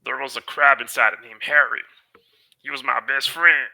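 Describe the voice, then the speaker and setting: A man voicing a huge, gentle male giant adventurer who speaks in a slow, plain and earnest way. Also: medium pitch, steady tone, creaky, voice pushed up, low-quality recording.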